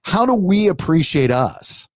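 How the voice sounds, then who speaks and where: Middle-aged man, podcast co-host, casual storytelling, lively swooping pitch, dry close sound. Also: measured pace, no echo. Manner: animated storyteller who acts out what people said.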